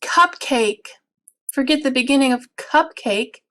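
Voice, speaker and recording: Brief: woman teacher, slightly high voice, unhurried, patient explainer for a parents' lesson video. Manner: slow, clear, patient explaining with drawn-out example words. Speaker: early childhood teacher.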